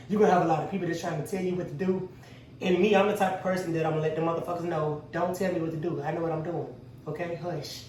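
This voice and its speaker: His voice is high and a little mellow, with slight background noise behind it. A home cooking vlogger under stress, he keeps the chat casual, profane and joking while addressing viewers, the kitchen echoing and the mic set at a distance.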